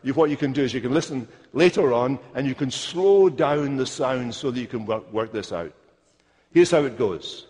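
A man preaching a sermon, slow and emphatic, stressing key phrases. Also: on the high side, lively intonation, darkish tone, breathy edge. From Scotland. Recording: long hall reverb.

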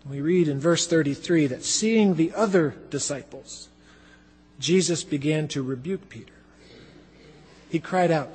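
A male preacher delivers a sermon with a high, ringing voice. He is dramatic and expressive. The sound carries a long hall reverb, as in a church sanctuary. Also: unhurried, slightly rough. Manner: dramatic, acts out quoted voices.

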